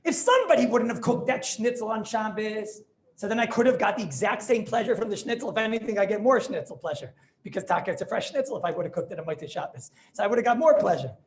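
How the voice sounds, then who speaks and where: Man, rabbi, informal class, high voice, animated and chatty, faint room ambience. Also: fast talker, a little hiss or hum. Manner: animated, chatty, checks if students understand.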